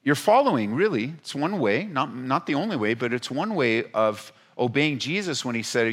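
A man preaching a sermon to his congregation, animated, stretching out words for emphasis. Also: medium pitch, moderate pace, hardly any pauses, slightly rough. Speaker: pastor.

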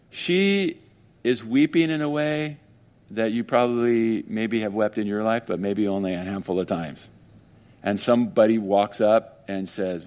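A pastor with a mid-range voice preaches a sermon at normal speed, retelling a story with feeling. He acts out the voices of its people in emotional, animated storytelling.

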